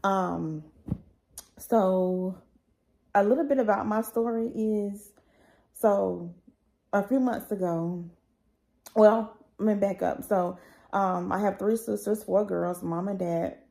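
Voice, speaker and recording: A woman's voice: medium pitch, slow, gravelly, pauses often, dark tone, poor audio. A woman vlogger recounting a painful personal story in a rambling, emotional way, full of fillers.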